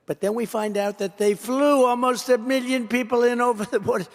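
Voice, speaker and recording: At a podium microphone in a large convention hall, a male political speaker gives a rally-style speech to an association, rambling, repeating himself and drifting off topic. His voice is extremely high-pitched, brisk and fairly even in intonation, and the hall adds a long reverb.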